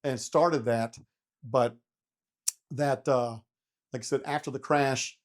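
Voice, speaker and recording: A man's voice: mid-range voice, fairly even intonation, slow. A middle-aged man, a retired helicopter pilot, telling a story in a casual interview and acting out his own panicked reactions, swearing freely.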